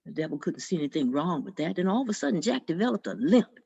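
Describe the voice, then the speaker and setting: A woman telling a folk tale in an expressive, dramatic storytelling manner. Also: sits low, quick pace, vocal fry, hardly any pauses, slightly rough. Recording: dull lo-fi recording.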